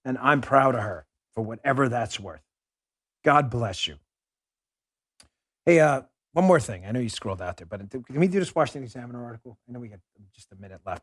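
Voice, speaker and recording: A man hosts a political commentary show, ranting combatively and mocking as he goes. His mid-range voice has studio quality with no room sound.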